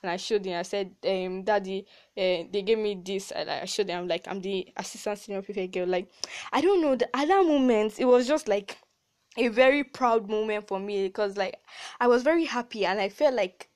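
A woman's voice: mid-range voice, normal speed, darkish tone. A teenage girl with a Nigerian accent hosts her own podcast in a loose, casual chat. She talks in a chatty, heartfelt way, leaning on "like" and "um" as she goes. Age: teens. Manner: chatty and emotional, frequent "like" fillers and laughs. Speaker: podcast host.

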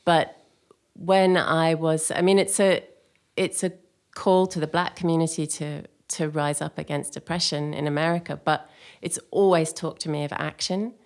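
A woman's voice: deep voice, steady tone, moderate pace, hardly any pauses. A woman with an English accent, a guest chatting casually on a radio show and rambling with many fillers. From England. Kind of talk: casual chat.

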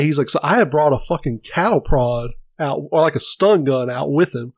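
A man's voice: a little high, unhurried, dry recording, clean studio sound. A man co-hosting a casual podcast, swearing freely as he retells stories and acts out the quotes. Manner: profane, animated retelling with quoted voices. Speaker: podcast co-host. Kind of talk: casual chat, storytelling.

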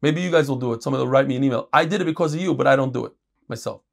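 Man, casual Talmud teacher, gravelly voice. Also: mid-range voice. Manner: reads quick Aramaic passages, then explains them in casual English. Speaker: Torah teacher. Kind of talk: Talmud class.

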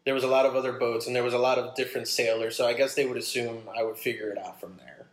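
A man casually telling a long personal story, animated and acting out what people said. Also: medium pitch, fast talker. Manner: animated, acts out his own quotes. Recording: roomy echo.

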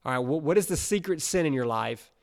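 A man's voice: a little high, expressive, brisk, creaky. A man voicing Job's friends as blunt, scornful men accusing him in a sermon retelling. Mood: mocking. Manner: blunt, mocking.

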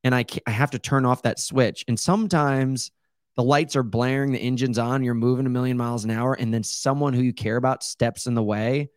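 A man's voice: medium pitch, steady tone, fairly quick, clear, resonant tone, dry recording, studio quality. A man hosting a podcast, talking candidly and searching for words in a casual interview. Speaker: podcast host.

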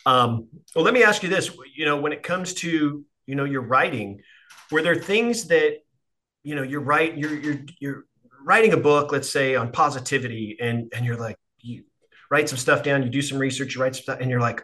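Man, podcast host, former coach, bright, forceful voice, halting, restarts phrases. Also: medium pitch. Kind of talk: casual interview.

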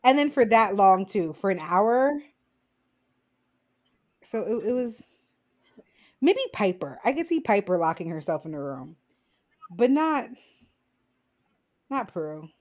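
A woman's voice: mid-range voice, very animated, takes it slowly, pauses often, darkish tone. A woman co-hosting a podcast, telling a TV episode's plot in a playful, frank way and laughing often. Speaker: podcast co-host. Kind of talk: casual TV episode recap.

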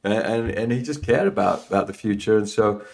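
A middle-aged man from London with a London accent, chatting as a podcast guest, warm and rambling with many restarts. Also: fairly low pitch, brisk, gravelly. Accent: London English. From England. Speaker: podcast guest, new home sales trainer. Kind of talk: casual interview chat.

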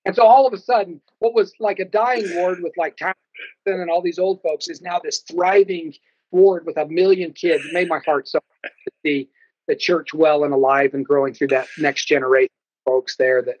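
Guest storyteller: a man with a fairly high voice, animated and quick to laugh, in a dry, close sound. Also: no echo, highs cut off. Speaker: podcast guest. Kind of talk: casual storytelling chat.

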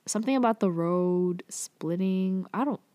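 A woman talks through a TV drama's plot in a loose, chatty way, with lots of "like" and "um" along the way. Her voice sits at an ordinary middle pitch. The recording is close and dry, with no room sound. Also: unhurried, dark tone, dry recording. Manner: chatty, frequent "like" and "um" fillers, offhand asides. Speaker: drama recap vlogger. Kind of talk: casual plot recap.

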